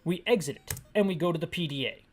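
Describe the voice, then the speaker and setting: A woman's voice: on the low side, fast, loud music behind the voice. A woman narrating a descriptive audio game playthrough with sarcastic, ranting asides. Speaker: game commentator.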